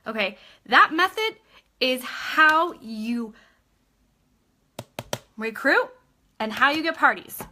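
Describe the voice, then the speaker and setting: A woman leading a live video training for her sales team in an energetic, chatty way, often checking in with "okay?". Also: a little high, measured pace. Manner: acts out customer chats in a bubbly voice. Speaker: direct sales team leader.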